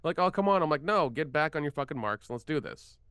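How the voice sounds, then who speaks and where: A man on a podcast telling a story from a film set in a rapid, profane way, with many restarts. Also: on the high side, bright, forceful tone, clear, resonant tone, no echo, studio quality. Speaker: podcast co-host, filmmaker. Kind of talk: casual podcast chat.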